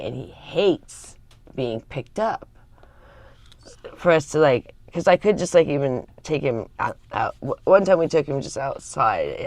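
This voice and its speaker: A woman's voice: very deep voice, vocal fry, darkish tone, no room sound. A woman vlogger chatting casually while she tidies, rambling with lots of fillers and restarts, sometimes dropping to a whisper. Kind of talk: casual morning chat.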